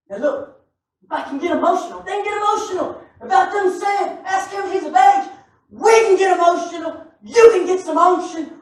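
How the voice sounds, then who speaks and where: High-voiced shouting preacher in echoey church. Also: male voice, recorded from a distance. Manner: animated, often shouting, laughing storyteller. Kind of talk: sermon. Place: church sanctuary.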